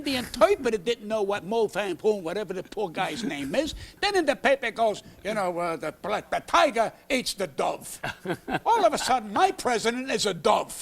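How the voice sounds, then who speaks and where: Gravelly, lively New comic in his eighties. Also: high voice. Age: 80s. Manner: rambling, animated, acts out voices in his anecdotes. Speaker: talk show guest, comedian. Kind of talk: comic storytelling. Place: TV studio.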